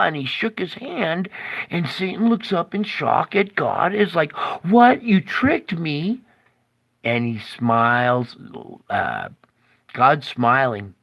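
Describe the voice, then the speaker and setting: Male storyteller, dramatic and rambling, with a slow delivery and a tense, bright edge. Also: mid-range voice, creaky. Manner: animated and dramatic, rambling with restarts. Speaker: video storyteller. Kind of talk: casual storytelling monologue.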